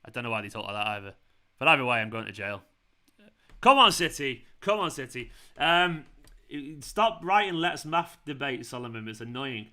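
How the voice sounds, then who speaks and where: A man hosts a live football watchalong, chatting loosely with viewers. His voice has a bright, forward ring and a mid-range pitch. He is excitable and swears freely when the match surprises him. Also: brisk. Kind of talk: casual live-stream chat.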